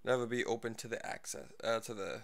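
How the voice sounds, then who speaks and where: A man's voice: medium pitch, brisk, gravelly, background noise. A man livestreaming a football video game, rambling casually with many fillers and a little out of breath. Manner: rambling, lots of fillers, self-deprecating. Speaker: gaming livestreamer. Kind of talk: casual gameplay livestream talk.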